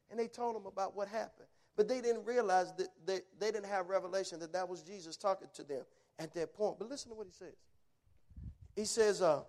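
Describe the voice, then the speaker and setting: A man's voice: high-pitched, fairly quick, a little mellow. A man preaching a sermon, emphatic and punchy, telling folksy stories and asking rhetorical questions. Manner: emphatic, punchy short phrases.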